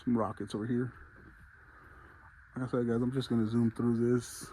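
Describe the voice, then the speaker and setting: A man's voice: medium pitch, little pitch movement, moderate pace, dark tone, a little hiss or hum, low-quality recording. Out-of-breath man touring a fireworks store. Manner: chatty, enthusiastic, rambling. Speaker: vlogger. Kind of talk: casual walk-through vlog. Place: large fireworks store, indoors.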